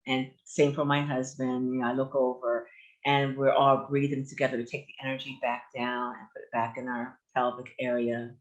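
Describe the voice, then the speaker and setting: A woman hosting a radio talk show, telling a personal story in an animated, candid way. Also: a bass voice, normal speed, highs cut off.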